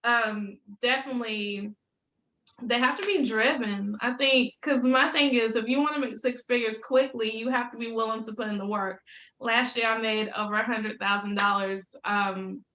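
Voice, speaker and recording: This is a business coach in her thirties, a guest on a podcast, chatting casually in an interview with an upbeat mood, frequent laughter, and faith-filled stories. Her voice sits on the high side with fairly even intonation, a moderate pace, and a sharp tone. The video-call audio is dull and has a roomy echo.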